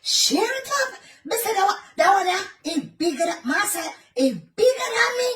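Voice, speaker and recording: A woman with a Jamaican accent giving comic reaction commentary, wailing in melodramatic, drawn-out exclamations. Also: extremely high pitch, big pitch swings, background noise.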